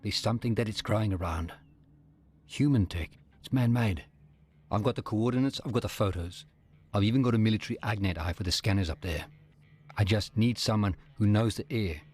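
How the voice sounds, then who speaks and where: An actor playing a determined younger brother in a leg brace, quiet and insistent, in a game. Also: male voice, lowish voice, brisk, slightly rough. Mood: earnest.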